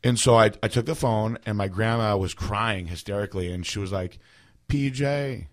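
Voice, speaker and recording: A man's voice: on the low side, flat delivery, brisk. A man in his thirties telling a personal story in a casual, rambling way, full of fillers. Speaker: podcast host.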